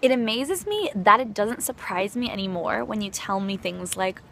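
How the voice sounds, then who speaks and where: A woman's voice: medium pitch, animated, normal speed, gravelly, a bit bright, a little hiss or hum. A young woman recording a heartfelt, rambling birthday message for a close friend on her phone, full of fillers and effusive praise. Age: young adult. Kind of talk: heartfelt personal video message.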